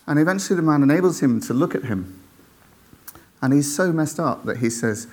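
A man tells a faith story to an audience, animated and acting out the voices of the people in it. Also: on the high side, brisk. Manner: animated, acts out quoted voices, checks in with "right?".

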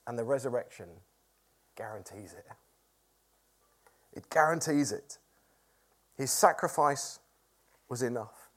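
Lively preacher. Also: male voice, on the high side. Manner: conversational, lively, asks the congregation questions. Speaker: pastor. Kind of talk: sermon.

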